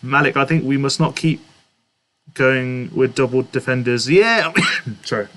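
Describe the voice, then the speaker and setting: A man's voice: medium pitch, a little slow, a bit bright. A young man hosting a casual live stream, reading out viewers' chat messages and answering them in a chatty way, often laughing. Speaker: livestream host answering chat.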